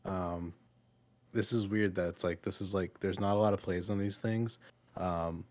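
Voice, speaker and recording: A man's voice: sits low, fairly even intonation, moderate pace, a little mellow. A man hosting a music reaction podcast, chatting casually with many hesitant fillers. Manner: hesitant, lots of filler words. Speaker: podcast host.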